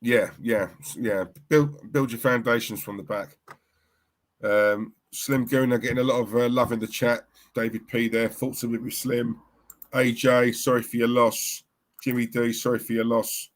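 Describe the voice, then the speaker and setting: Co-hosting a live football watchalong stream, a man bounces slangy banter off the viewers and his fellow host, laughing frequently. He speaks at a normal speed with a steady, medium-pitched voice.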